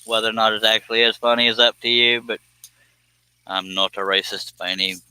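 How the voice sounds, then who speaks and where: Sharp-voiced joking man. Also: fairly low pitch, little pitch movement, brisk, clear, resonant tone, no echo. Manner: folksy, joking, self-deprecating. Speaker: woodworking live streamer. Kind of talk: casual live stream chat.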